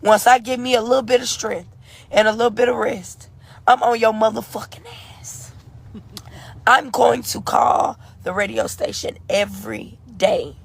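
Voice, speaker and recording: Woman, fierce profane rant, high voice, relentless and repetitive. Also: fairly even intonation, moderate pace, vocal fry, husky. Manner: furious, cursing, repetitive, defiant. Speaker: grieving woman ranting in a live video.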